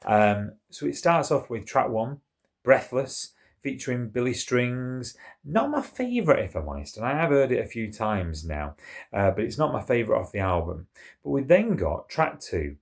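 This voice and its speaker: A man's voice: mid-range voice, very animated, moderate pace, gravelly. A man hosting his own music channel, chatting enthusiastically through an album review track by track, with plenty of "uh" and "um" and questions to his viewers. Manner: asks viewers questions and invites comments. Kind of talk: casual solo album review to camera.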